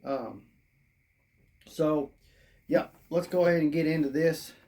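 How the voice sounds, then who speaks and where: A hoarse toy reviewer who says they are losing their voice, narrating an unboxing in a chatty, rambling way and thinking out loud. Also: medium pitch, fairly even intonation, takes it slowly.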